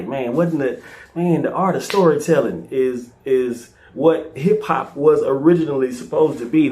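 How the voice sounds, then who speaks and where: Animated middle-aged man telling stories. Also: medium pitch. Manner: loose and animated, fillers like "you know what I'm saying". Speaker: host of a karaoke video series. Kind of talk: casual personal storytelling.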